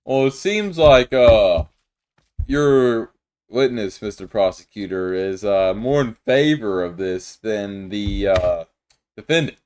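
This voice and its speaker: A man's voice: fairly low pitch, lively intonation, takes it slowly, a little mellow, pitched below the performer's own voice. A man voicing a flustered male judge in a Minecraft roleplay, stumbling over his words as he runs the court. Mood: judging.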